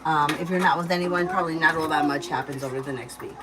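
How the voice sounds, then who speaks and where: A woman's voice: sits low, quick pace, hardly any pauses, a bit bright. A woman giving a live-stream tarot reading, reading out viewer questions and answering casually with fillers. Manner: reads viewer questions aloud, then answers loosely with fillers. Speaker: tarot reader. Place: home. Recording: noisy home recording.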